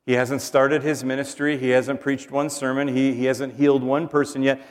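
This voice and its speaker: A man's voice: mid-range voice, level tone, moderate pace. Man preaching in an echoing hall. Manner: earnest, drops to a soft hush on tender lines. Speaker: pastor. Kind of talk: sermon.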